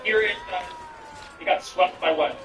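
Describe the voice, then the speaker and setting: Picked up from well away from the mic, a man with a high-sitting voice talks at a moderate pace. He's a comedian streaming a game, trading profane, meandering, incredulous banter with viewers in an echoey room with music playing.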